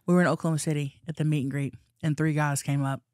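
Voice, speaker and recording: A woman co-hosting a podcast in casual chat, loud and laughing, telling stories with acted-out quotes. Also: low voice, fairly even intonation, rapid-fire, dry recording, studio quality. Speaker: podcast co-host.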